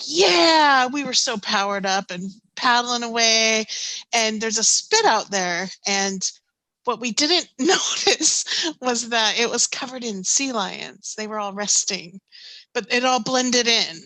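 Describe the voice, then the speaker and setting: Woman, fifties, panel storyteller with a bright, clear tone; animated, laughs a lot, dry close sound. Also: mid-range voice, dry recording, rough recording. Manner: animated anecdotes, laughing often, many ums. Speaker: panelist, canoe skipper.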